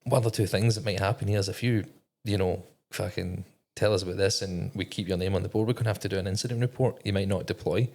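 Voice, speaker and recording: Profane, low-voiced man telling a story. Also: fairly even intonation, quick pace, creaky, hardly any pauses, a little mellow. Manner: profane, swears constantly, quotes his own thoughts. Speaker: podcast guest, former navy technician. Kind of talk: candid storytelling in an interview.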